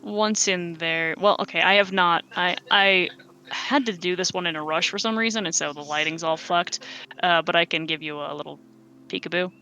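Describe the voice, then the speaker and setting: A woman narrating as game master for a tabletop game, describing a monster in halting, self-correcting bursts full of fillers. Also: on the low side, steady tone, sharp tone, dull audio.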